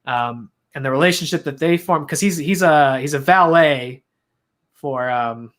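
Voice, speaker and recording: A man with a bright, fairly high voice talks through a plot in loose, casual chat. He rambles and restarts his sentences as he goes. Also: unhurried. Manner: rambling, self-interrupting, laughs at his own attempts at accents. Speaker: podcast co-host.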